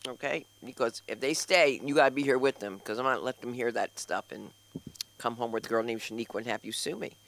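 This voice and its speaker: A woman's voice: very deep voice, brisk, low-quality recording. A woman hosting a comedy open mic, rambling through loose, crude banter on stage. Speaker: comedy school host. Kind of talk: stand-up host banter.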